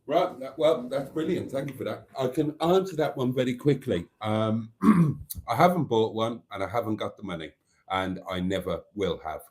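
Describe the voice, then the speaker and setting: A man's voice: on the low side, a little mellow. A man hosting a live stream, chatting casually and laughing with delight while reacting to viewer messages.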